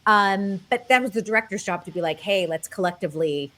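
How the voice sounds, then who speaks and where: A woman's voice: medium pitch, brisk, sharp tone. A woman co-hosting a casual chat, telling stories in a chatty way with lots of "like". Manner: chatty storyteller, uses "like" often. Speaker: co-host.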